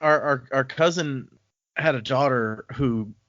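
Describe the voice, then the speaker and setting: A man's voice: mid-range voice, unhurried, a bit bright, no room sound. A man chats through a book chapter on a podcast, retelling scenes and quoting the characters as he goes. His voice sits in a middle register. The recording is dry and a touch dull. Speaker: podcast co-host. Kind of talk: casual book discussion.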